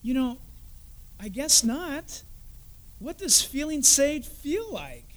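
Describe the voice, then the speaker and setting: A man preaching a sermon as pastor, telling a story and dropping into soft, confiding asides. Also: very high-pitched.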